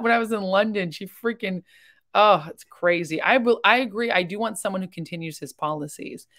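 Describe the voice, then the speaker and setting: A woman's voice: mid-range voice, a bit bright. A woman hosting a casual livestream, rambling in a chatty way and talking openly and emotionally while reading viewer comments. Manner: chatty and rambling, with quick jumps between topics. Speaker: livestream host reacting to videos.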